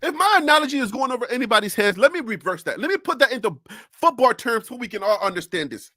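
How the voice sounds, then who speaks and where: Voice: medium pitch, very animated, quick pace, sharp tone, no room sound, clean studio sound. A sports talk host on a live stream who rants animatedly, fires off rhetorical questions and repeats phrases, speaking into a desk USB microphone.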